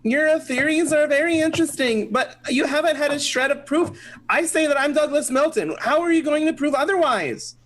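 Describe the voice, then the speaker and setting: A woman's voice: high-pitched, moderate pace, pitched above the performer's own voice, lightly acted. A woman voicing a defiant male impostor villain in an amateur radio play, sneering and slightly off-mic.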